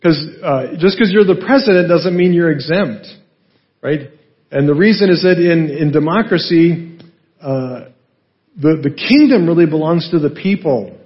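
Male pastor, conversational Bible teaching, rhetorical questions, slightly high voice, muffled lo-fi sound. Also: measured pace. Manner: informal, asks rhetorical questions, often adds "right?".

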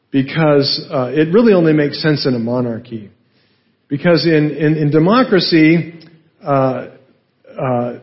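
A male pastor teaching a Bible passage in a relaxed, conversational way, asking rhetorical questions and often adding "right?". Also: mid-range voice, dull audio.

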